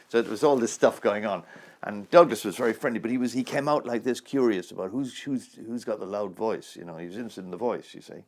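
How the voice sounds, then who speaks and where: Deep-voiced man in his sixties. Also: a little fast. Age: 60s. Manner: rambling, anecdotal, chuckling. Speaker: actor. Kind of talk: interview answers.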